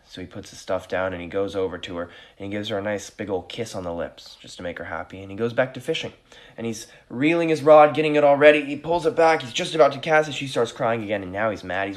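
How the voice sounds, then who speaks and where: A man telling a joke in an animated storytelling way. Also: medium pitch, fast.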